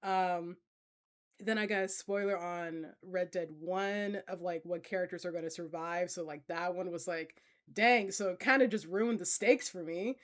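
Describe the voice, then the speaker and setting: A woman's voice: on the low side, steady tone, moderate pace. A woman streamer talks casually through a Q&A with her chat. She rambles loosely, full of fillers, and often breaks into laughter. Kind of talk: casual Q&A reading chat comments.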